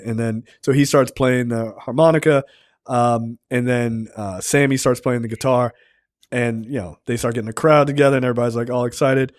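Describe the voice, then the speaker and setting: Male podcast co-host, mid-pitched, halting casual recap, dry close sound. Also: fairly even intonation, no echo. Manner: halting, with frequent ums and uhs. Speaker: film review podcast co-host. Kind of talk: casual chat.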